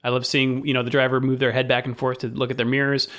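A man's voice: medium pitch, completely flat delivery, quick pace, fairly bright tone. A man co-hosting a casual podcast, eager and often stammering as he restarts his sentences. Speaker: podcast co-host.

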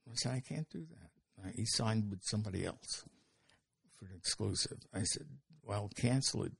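Older male guest with a gravelly, husky voice, recorded dry and close, who tells stories animatedly and acts out the dialogue. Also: fairly low pitch, normal speed, no echo. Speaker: interview guest. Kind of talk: anecdotal storytelling.

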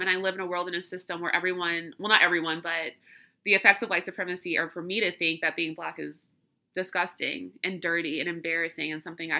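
Emotional woman podcaster, bright voice. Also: mid-range voice. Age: 30s. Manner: candid, emotional, swearing, laughing often. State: congested from crying and allergies. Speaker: podcast host. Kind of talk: casual solo podcast talk.

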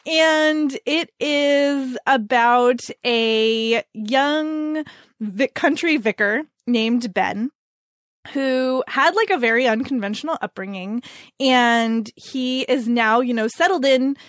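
Chatty higher-voiced woman, dry close mic. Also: slow, fairly bright tone, no echo. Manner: enthusiastic, laughs often, says "like" a lot. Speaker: podcast host recommending books. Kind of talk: casual chat.

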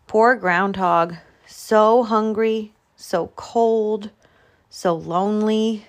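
A woman reading a children's picture book aloud, slow and expressive. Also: mid-range voice. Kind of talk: storybook read-aloud.

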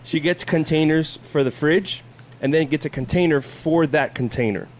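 A man hosting a casual chat, an animated storyteller who laughs often and acts out quoted lines. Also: a little high, moderate pace.

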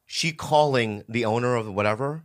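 A man's voice: medium pitch, normal speed, noisy background. A middle-aged man co-hosting a podcast in casual chat, telling stories animatedly and laughing often. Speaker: podcast co-host.

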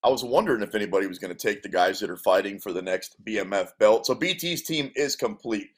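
A man's voice: fairly low pitch, animated, fast talker, husky. Hyped-up male sports radio host. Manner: emphatic, hyped-up, sells each pick. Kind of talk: casual sports radio banter.

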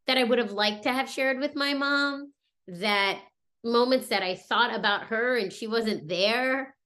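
A woman in her thirties talking casually and reflectively about her family, pausing often with fillers and restarts. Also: medium pitch, a bit bright. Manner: halting, many fillers and restarts. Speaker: guest sharing a personal story.

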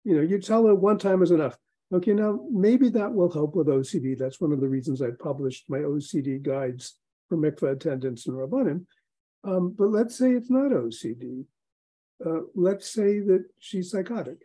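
Brief: male guest expert, husky dark voice, storytelling with lively emphasis. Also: a little high, normal speed, low-quality recording. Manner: explanatory, storytelling, animated emphasis. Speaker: guest expert, rabbi and psychologist. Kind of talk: podcast interview.

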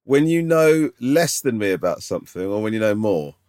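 A man's voice: lowish voice, very animated, normal speed, darkish tone, smooth, no echo. A man co-hosting a podcast, teasing his friend in casual, dry banter. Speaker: podcast co-host. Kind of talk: casual chat.

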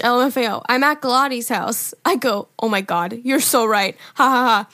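A woman in her twenties chats on a podcast with a lively, bright tone. Her voice sits a little high. She tells stories animatedly and jumps into loud voices for her past self. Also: a little fast, no room sound, studio quality. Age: 20s. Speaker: podcast co-host. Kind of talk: casual chat.

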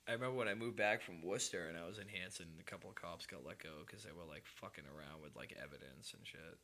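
A man's voice: low voice, quick pace, bright, forceful tone. A man hosting a casual podcast chat, talking loosely and laughing often. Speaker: podcast host.

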